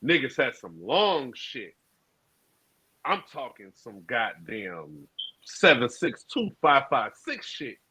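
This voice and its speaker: A man co-hosting a podcast, telling a profane story in a casual, animated street style. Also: mid-range voice, slow, breathy edge, no room sound. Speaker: podcast co-host. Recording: dull lo-fi sound.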